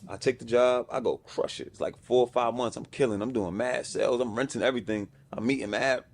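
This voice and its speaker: His gravelly, medium-pitched voice stays steady and runs a little fast, with slight background noise. A Brownsville, Brooklyn native and music executive with a New York accent, he tells a story on a podcast in casual slang, acting out quoted voices.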